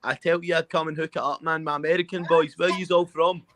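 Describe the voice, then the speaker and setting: A man with a Glaswegian Scottish accent, tipsy, taunting and swearing loudly as a rowdy guest on a comedy podcast. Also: a little high, flat delivery, fast talker. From Scotland. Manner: brash, profane, taunting. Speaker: call-in guest.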